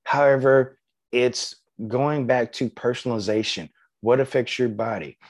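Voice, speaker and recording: A man's voice: medium pitch, a little slow, dry recording, clean studio sound. A man hosting a podcast on his own, talking casually and encouragingly, with plenty of fillers. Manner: conversational, filler-heavy, encouraging. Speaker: podcast host. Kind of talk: casual solo podcast talk.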